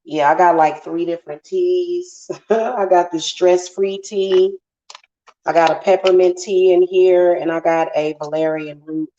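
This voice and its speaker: A woman's voice: fairly low pitch, steady tone, unhurried, warm tone. A woman hosting a casual witchy livestream, venting bluntly and profanely to her viewers. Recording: roomy, slightly dull home sound.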